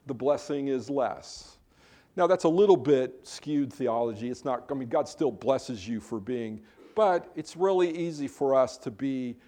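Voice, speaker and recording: A man's voice: mid-range voice, warm tone. A man preaching a casual sermon as pastor, conversational and restarting his sentences as he teaches. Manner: conversational, with self-interrupting restarts.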